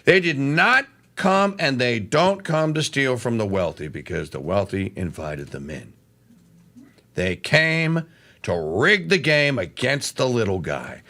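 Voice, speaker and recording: A man hosting a political talk radio show, delivering a fiery monologue that swings between low mutters and shouts. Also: sing-song, unhurried. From Louisiana.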